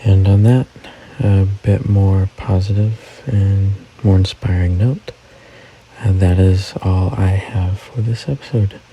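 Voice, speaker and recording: Deep gravelly man hosting a news recap. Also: steady tone, slow, dark tone, a little hiss or hum, rough recording. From United States. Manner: conversational, reads quotes aloud. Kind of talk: casual news commentary.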